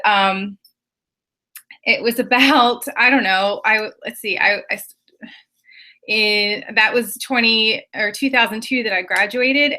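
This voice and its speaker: Woman, 30s, guest on a video call, bright tense tone, candid storyteller. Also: medium pitch. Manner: candid and warm storytelling, quick asides. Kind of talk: personal story on a group call.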